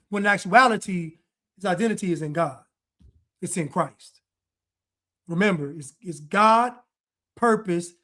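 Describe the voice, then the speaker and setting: A man giving reaction commentary in a blunt, preachy way, repeating his points. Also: sits high. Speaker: online commentator.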